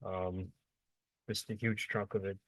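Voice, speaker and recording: Young man, low voice, flat delivery, dry close sound, casual rambling history lecture, full of ums and restarts. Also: no echo, low-quality recording. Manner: rambling and informal, many fillers and self-corrections, quick asides. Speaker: presenter of a history lesson.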